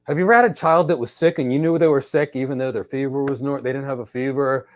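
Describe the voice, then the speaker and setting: Guy hosting a podcast, casual advice chat, gets animated telling stories, normal mid pitch. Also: quick pace. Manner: energetic storyteller who acts out dialogue. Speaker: podcast host.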